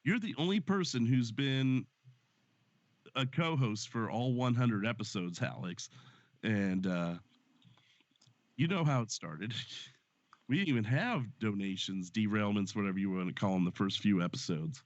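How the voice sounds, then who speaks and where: Male stream host, low-pitched, stuffy and hoarse, profane and loose, dull dry lo-fi audio. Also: animated, normal speed, pauses often, no echo. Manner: loose and profane, reading donations aloud. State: stuffy, strained sore voice. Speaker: host of a live stream show. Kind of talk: casual live-stream chat and game commentary.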